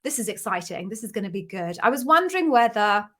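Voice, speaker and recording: Very animated and quick, a UK interview coach chats through a live Q&A stream, bubbly and casual, saying hello to viewers by name. Her voice is medium in pitch and a bit bright.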